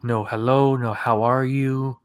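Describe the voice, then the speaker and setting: A man's voice: mid-range voice, steady tone, clean tone, no echo, lightly acted. A man doing a weary old sea captain. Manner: drawn-out sighing "ah" openings. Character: weary middle-aged male ship captain, polite, wry.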